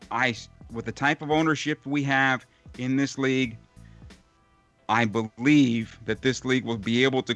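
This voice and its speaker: A man's voice: medium pitch, a bit bright. Reflective veteran broadcaster man. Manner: reflective, speaks in long run-on lists with fillers. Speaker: veteran radio play-by-play broadcaster, guest. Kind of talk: casual interview over a call.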